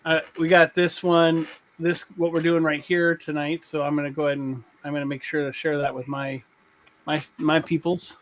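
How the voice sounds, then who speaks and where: A man chatting casually as a regular guest, halting and repeating himself with lots of fillers. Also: on the high side, flat delivery. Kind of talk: casual live-stream chat.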